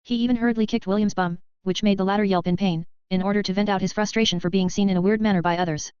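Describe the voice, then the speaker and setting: A woman reading a web novel as an audiobook in a quick, even narration with barely changed character voices. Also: medium pitch, smooth, dry recording. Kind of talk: scripted narration. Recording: slightly dull, dry sound.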